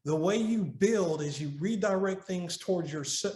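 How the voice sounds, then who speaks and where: A middle-aged man with a fairly high voice talks earnestly as a podcast guest, sharing advice on marriage in a loose, conversational way. He stumbles, repeats and restarts his words as he works through a story. The sound carries a noticeable roomy echo. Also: unhurried, darkish tone.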